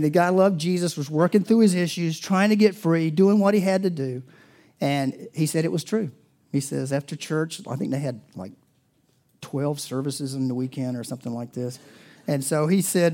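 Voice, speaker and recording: Man, middle-aged, pastor, storytelling sermon, conversational, mellow, slightly high.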